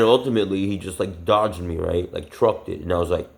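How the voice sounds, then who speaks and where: A man's voice: deep voice, steady tone, a little fast, vocal fry, hardly any pauses, a little mellow. A man vlogging an angry personal rant, profane and agitated, rambling with many fillers and restarts. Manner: profane, agitated, heavy swearing.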